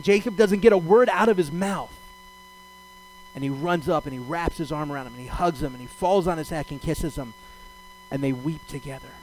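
A man's voice: high voice, a little hiss or hum, low-quality recording. A man preaching a sermon as a rabbi, conversational, asking rhetorical questions and acting out voices from the scripture. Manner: animated, acts out the voices of God and Jacob in paraphrase.

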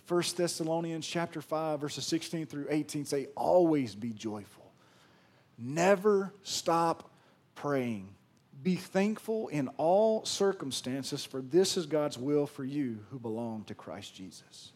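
A man preaching a sermon as pastor, casual and conversational, swinging from loud emphasis to hushed, quiet lines. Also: on the high side, animated, measured pace.

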